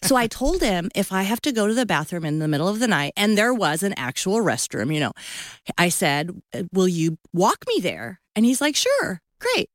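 A woman's voice: mid-range voice, normal speed, dry recording, studio quality. A woman in her fifties, a guest author on a radio interview, telling a story with playful acted-out voices. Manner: animated storyteller acting out voices.

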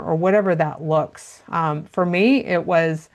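Woman, gravelly voice, lowish pitch, explaining parenting in an interview. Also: measured pace, hardly any pauses, highs cut off. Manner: explanatory, frequent "you know" fillers. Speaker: parenting expert guest. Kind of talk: interview answers.

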